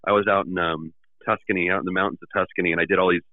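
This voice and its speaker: A lowish-voiced man tells stories at a fast clip, jumping up into the voices of the people he quotes. His voice comes through thin and tinny, like a phone line. The sound is dry, with no room around it. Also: dry recording. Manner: animated storyteller, acting out quoted people. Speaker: magazine editor and podcast guest. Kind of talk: casual storytelling chat.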